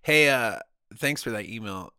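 A man's voice: mid-range voice, animated, unhurried, clear, resonant tone, dry recording. A middle-aged man co-hosting a podcast, chatting casually in a playful, jokey way. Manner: playful, jokey, bursts into loud laughter. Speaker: podcast co-host. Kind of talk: casual comedic chat.

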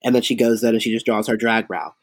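A man's voice: on the low side, fast talker, no echo. Chatty drag queen man, dry sound. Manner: chatty, animated anecdotes with many fillers. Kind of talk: casual interview storytelling.

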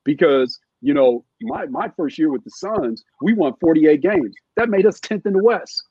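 A middle-aged man talking basketball as a podcast guest, halting and restarting often with many fillers. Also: fairly high pitch, lively intonation, darkish tone, slightly rough, dry recording, highs cut off. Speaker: guest, former NBA scout. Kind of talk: casual podcast chat.

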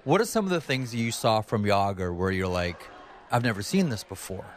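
A man hosting a podcast, chatting in a relaxed, conversational way. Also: lowish voice, fairly quick. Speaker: podcast host. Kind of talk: casual chat.

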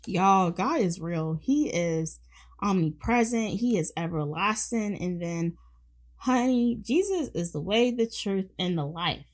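A woman's voice: mid-range voice, lively intonation, a little slow. A young woman hosting a faith podcast, speaking fervently and affectionately, repeating phrases for emphasis and calling her listeners honey and baby. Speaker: podcast host.

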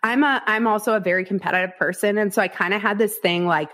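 A fairly quick, fairly bright mid-range voice belongs to an Iowa woman guesting on a podcast. Her candid storytelling interview is frank and animated, as she acts out quotes and swears and laughs often.

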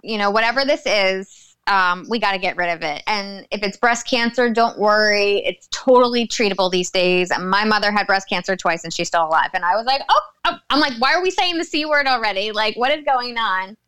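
A young woman telling her story as a guest in casual chat, animated, acting out what others said and laughing often. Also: medium pitch, moderate pace, clear, resonant tone. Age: young adult.

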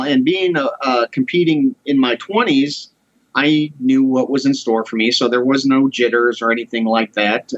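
A man's voice: mid-range voice, a bit bright, highs cut off. A man in his forties earnestly telling a personal story in a casual conversation. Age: 40s. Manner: earnest, heartfelt.

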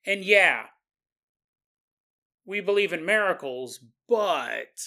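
A man's voice: high-pitched, animated, slow pace, vocal fry, bright, forceful tone. A man hosting a podcast, telling a story in a casual, conversational way with asides to the listener. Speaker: podcast host.

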